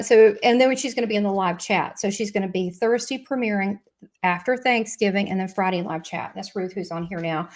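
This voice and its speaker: A woman with a Southern US accent hosting a live spiritual show, chatting in a gushing, rambling way with many asides. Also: on the high side. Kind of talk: casual live-stream chat.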